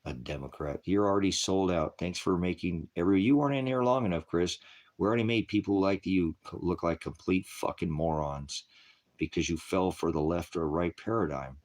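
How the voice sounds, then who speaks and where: A man's voice: deep voice, brisk, a little mellow. A man ranting angrily on a live stream, swearing heavily and preaching to his viewers as brothers and sisters. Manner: profane, heated, scolding. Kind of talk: angry live-stream rant.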